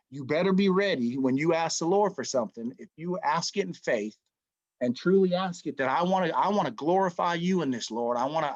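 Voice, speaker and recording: Bible study leader, male, fairly high voice, chatty storyteller; dull dry lo-fi sound. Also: no echo. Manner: conversational, animated storytelling, says "man" often. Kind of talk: casual Bible study teaching.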